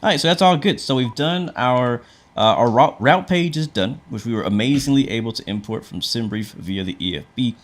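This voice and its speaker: A man's voice: medium pitch, animated, brisk. A man streaming a flight simulator, talking through each step in a chatty, casual way and answering viewers' chat questions. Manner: frequent fillers and restarts. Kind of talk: casual livestream commentary.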